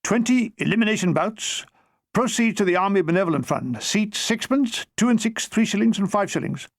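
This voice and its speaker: A man's voice: sits high, expressive, moderate pace, no echo. A man reading his own memoir aloud as an audiobook, with a dry comic storytelling manner. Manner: dry comic storytelling, briefly mimicking characters. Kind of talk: audiobook narration.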